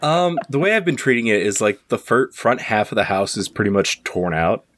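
Low-voiced man running the game. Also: very animated, a little fast, a bit bright, dry recording, studio quality. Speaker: game master. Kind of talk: narrating a tabletop game.

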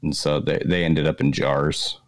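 A man from Maine telling lively, profanity-laced stories in casual chat. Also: very deep voice, measured pace, no echo, studio quality. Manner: animated storyteller, swears freely, laughs often.

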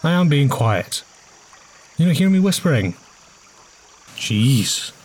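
An actor playing a frustrated young podcaster, exasperated and sarcastic with deadpan asides. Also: male voice, fairly high pitch, slow pace, full character voice. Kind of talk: comedy sketch acting.

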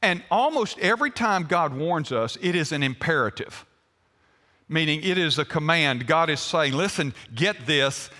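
An older man preaches a sermon in a folksy style, turning to the congregation with questions. His voice is bright and sits a little high. It rings with long reverb from the church hall. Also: animated, normal speed. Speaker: pastor. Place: church sanctuary.

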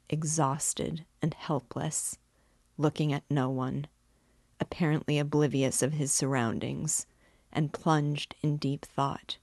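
A woman narrating a classic novel as an audiobook reader and guide, in a measured, even way. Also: low voice, no room sound, studio quality.

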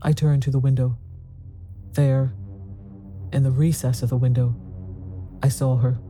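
A man's voice: medium pitch, level tone, a little slow, mellow, faint music behind. A man narrating a classic ghost story in the first person, with a tense, earnest manner.

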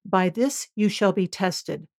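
A woman reading the lines of a stern male governor in a scripture reading, in a solemn, measured way. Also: medium pitch, creaky. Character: stern male Egyptian governor testing his brothers.

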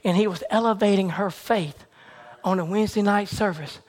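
A man preaching a sermon with a repetitive, building cadence that swings between shouted peaks and hushed, near-whispered lines. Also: sits high, normal speed.

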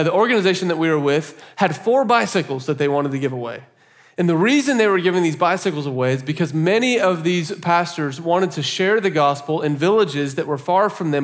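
A pastor preaching a sermon, telling a story in an animated way and laughing often. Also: male voice, fairly high pitch.

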